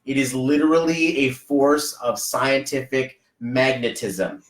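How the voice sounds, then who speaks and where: A man hosting a podcast in a casual motivational chat, animated and fond of acting out little scenes. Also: mid-range voice, unhurried. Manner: animated, acts out little scenes in other voices. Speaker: podcast host. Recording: roomy echoey sound.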